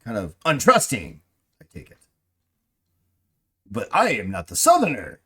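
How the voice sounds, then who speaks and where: A man's voice: medium pitch, huge pitch swings, measured pace, pushed and bright, breathy edge, exaggerated voice. A man voicing a short, sly, suspicious male shopkeeper who pries at customers and boasts about his prices. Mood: wheedling. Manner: wheedling, prying and boastful. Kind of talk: voicing a character in a tabletop game.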